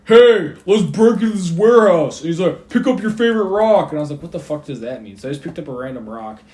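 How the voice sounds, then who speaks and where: A young man guest on a podcast, telling a story in a loose, excitable way, swearing often and acting out the people he quotes. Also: a little high, racing. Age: young adult. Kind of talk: casual storytelling.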